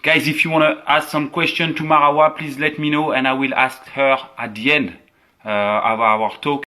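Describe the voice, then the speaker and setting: A man with a French accent, a native French speaker, hosting a live online interview over a video call, halting and repeating his words. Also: a little high, level tone, pushed and bright. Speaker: host.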